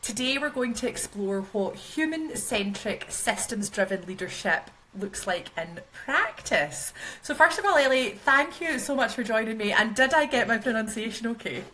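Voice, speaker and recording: A woman's voice: fairly high pitch, expressive, normal speed, sharp tone, low-quality recording. A woman with a Scottish accent hosting a podcast interview, friendly and laughing along with her guest. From Scotland. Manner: friendly, laughs along, reads intro carefully. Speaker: podcast host.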